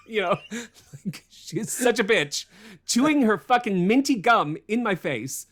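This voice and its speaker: Lively, profane male podcast host. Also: sits high, unhurried. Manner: profane, laughing storyteller. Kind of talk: casual storytelling chat.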